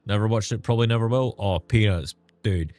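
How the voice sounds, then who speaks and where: A man's voice: fairly low pitch, a little fast, darkish tone, no echo. A man streaming a game, chatting casually with viewers in a sarcastic tone and swearing freely.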